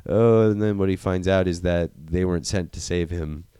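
A man in casual chat reviewing a movie, profane and animated, acting out the scenes. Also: sits low, fairly quick, smooth, no echo, studio quality.

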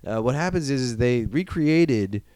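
A man's voice: mid-range voice, lively intonation, darkish tone, no echo, clean studio sound. A man recapping a movie in casual chat, joking, swearing and acting out the characters. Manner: profane, jokey, acts out characters in quick voices.

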